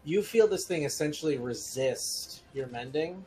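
A man narrating as game master of a tabletop role-playing game, in a relaxed, plain way. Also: fairly high pitch, moderate pace.

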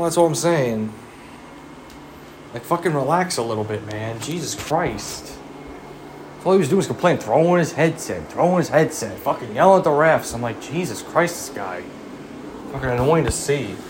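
A man's voice: mid-range voice, noisy background. A man giving a profane, exasperated sports rant as a fan commentator, firing off rhetorical questions.

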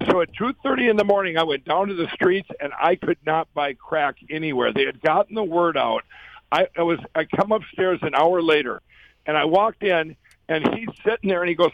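A man telling his story as an interview guest, earnest and rambling, acting out quoted voices. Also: dry recording. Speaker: guest, company founder. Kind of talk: conversational storytelling. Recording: dull, dry low-fi sound.

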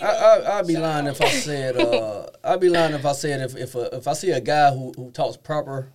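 A man's voice: a little high, moderate pace, a loud crowd. A man co-hosting a casual group chat, slangy and stumbling through restarts as he talks.

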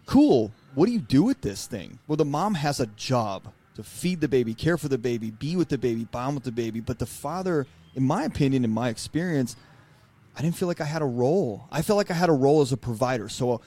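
A man's voice: mid-range voice, expressive, quick pace, darkish tone. A man in his thirties, a coach and guest, telling a candid personal story with emphasis, swearing freely and acting out his own past dialogue.

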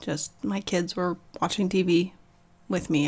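A woman's voice: on the low side, fairly even intonation, a little slow, darkish tone. A woman in her thirties, an author and mother, speaking candidly and reflectively in a personal monologue, often restarting her sentences. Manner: earnest, reflective, with frequent restarts. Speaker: author sharing personal story.

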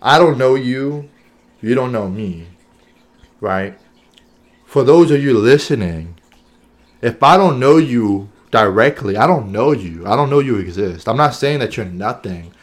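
A man's voice: mid-range voice, animated, a little slow. A man co-hosting a podcast in casual chat, earnest and thinking aloud, often checking in with "right?". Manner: earnest, thinks aloud with many "right?" and "you know what I'm saying?". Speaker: podcast co-host.

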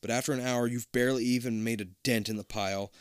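A man's voice: medium pitch, steady tone, quick pace, clean tone, dry recording, clean studio sound. A man reading a choose-your-own-adventure book aloud casually, swearing and joking between passages. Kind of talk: casual comedic read-aloud.

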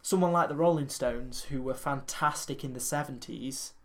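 A man's voice: mid-range voice, moderate pace. A man co-hosting a podcast in casual chat, rambling and opinionated, often breaking into laughter. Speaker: podcast co-host.

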